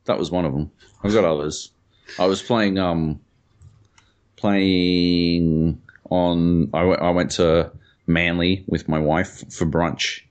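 A man's voice: deep voice, steady tone, slow pace, clean tone. A young man co-hosting a podcast, rambling through casual stories, swearing freely and laughing often. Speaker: podcast co-host. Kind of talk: casual chat.

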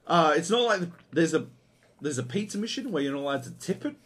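A man's voice: fairly high pitch, animated, fairly quick, fairly bright tone. A man co-hosting a video game podcast, ranting in a casual, profane and exasperated way. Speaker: podcast co-host.

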